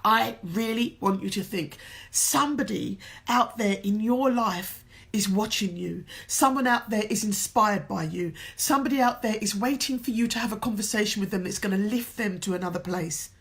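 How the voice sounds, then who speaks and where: A woman's voice: medium pitch, normal speed. A middle-aged woman from England, a motivational coach, speaking earnestly to her viewers and sounding emotional, with a runny nose at times. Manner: heartfelt, tearful at times, earnest and encouraging. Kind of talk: emotional direct-to-camera talk.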